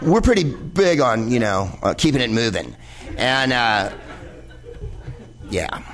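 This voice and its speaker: A man's voice: medium pitch, big pitch swings, slow pace, crowd noise. Comedian guy rambling on stage, swears a lot, wanders off topic, medium voice. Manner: rambling, profane, digressive. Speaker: comedian host. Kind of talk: live comedic monologue. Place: live venue in Los Angeles with audience.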